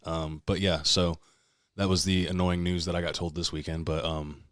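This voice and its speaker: Low-voiced profane man. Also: normal speed, no echo, studio quality. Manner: profane, animated storyteller acting out quotes. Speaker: podcast co-host. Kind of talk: casual storytelling chat.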